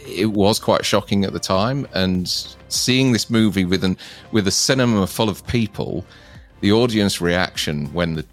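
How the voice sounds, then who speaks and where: Low-voiced man rambling about films. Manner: rambling, loses the thread and circles back. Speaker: co-host discussing films. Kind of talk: casual chat.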